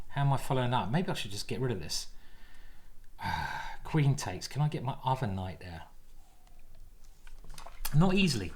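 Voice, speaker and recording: A man commentating his own online chess games, excitable and thinking aloud as he plays. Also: medium pitch. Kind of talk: live game commentary.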